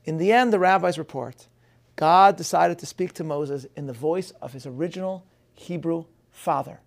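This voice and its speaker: A man giving a measured, scholarly lecture, reading out quotations and dropping in Hebrew phrases. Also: a little high, vocal fry. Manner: measured, scholarly, reads quotes aloud. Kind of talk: lecture on film and scripture.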